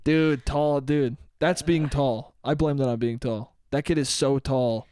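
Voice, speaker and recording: A man's voice: medium pitch, steady tone, a little slow, a little mellow, clear, resonant tone, dry recording. A man hosting a casual podcast chat, joking around, laughing often and swearing freely. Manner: joking, laughing, profane riffing. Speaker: podcast host.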